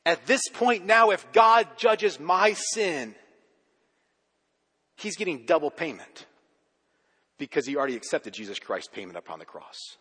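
Husky-voiced pastor preaching in a hall. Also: male voice, expressive, unhurried, pauses often. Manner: emphatic, swinging between loud urgent stresses and low quiet endings. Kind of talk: sermon.

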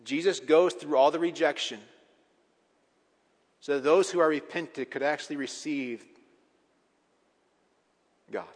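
A man preaching a sermon as a pastor, emphatic, with big swings in pitch and loudness. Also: measured pace, pauses often. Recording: reverberant hall.

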